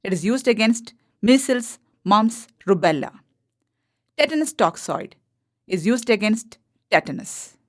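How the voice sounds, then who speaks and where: A woman's voice: medium pitch, lively intonation, a little slow. A woman with an Indian English accent reading out a list of terms and their meanings one by one for a school lesson. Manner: reads out a list term by term. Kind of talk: read-aloud lesson.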